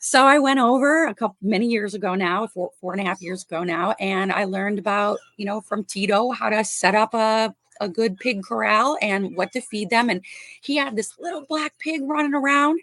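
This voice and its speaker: At medium pitch and normal speed, with no room sound, a Chicago woman who rescues animals chats casually as a podcast guest. Her manner is warm and chatty, with many fillers and frequent laughs.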